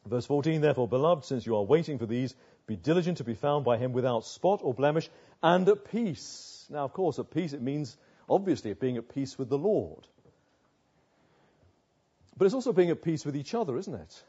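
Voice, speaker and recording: Older male pastor, husky and mellow. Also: medium pitch, animated, moderate pace, dull audio. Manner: earnest preaching with rhetorical tag questions. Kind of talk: sermon.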